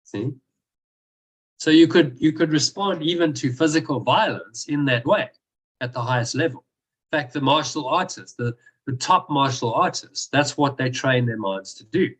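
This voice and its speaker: A man's voice: medium pitch, moderate pace, a bit bright, breathy edge, poor audio. A man leading a group discussion, telling stories in a casual teaching way with many restarts. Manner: storytelling with frequent restarts and acted-out quotes. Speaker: discussion and meditation group leader.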